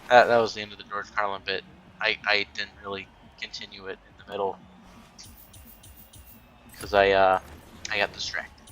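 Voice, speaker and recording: A man's voice: fairly low pitch, monotone, moderate pace, pauses often, fairly bright tone, soft background music, low-quality recording. A man giving casual, rambling commentary while playing a racing game, full of ums and restarts. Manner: rambling, many fillers and restarts. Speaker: gaming YouTuber.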